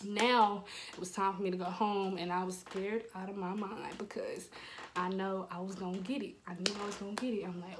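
A young adult woman telling a storytime vlog story and acting out the quotes in an animated way. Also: medium pitch, a little fast, slight background noise. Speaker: vlogger.

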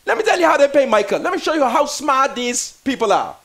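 With a very high, very animated voice and a fast delivery, this Bahamian man preaches his political views passionately. He hammers lines through repetition and builds up to shouts.

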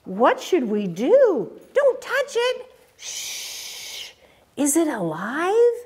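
Woman doing jittery little prairie dogs for a storybook, high and nervous. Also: big pitch swings, takes it slowly, slight background noise, heavily acted. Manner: nervous, hushed. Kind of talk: read-aloud storybook voice.

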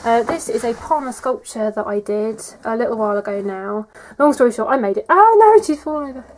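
A woman's voice: fairly high pitch, a little fast, a little mellow, rough recording. A young woman gives a casual, rambling bookshelf tour vlog, often saying "like" and "um". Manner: chatty and rambling, says "like" and "um" often. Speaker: vlogger.

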